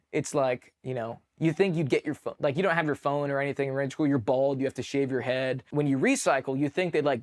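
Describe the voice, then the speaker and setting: A man from California, an army veteran guest telling a story casually, animated, with many fillers and swearing. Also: mid-range voice. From California, USA. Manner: animated, filler-heavy, profane.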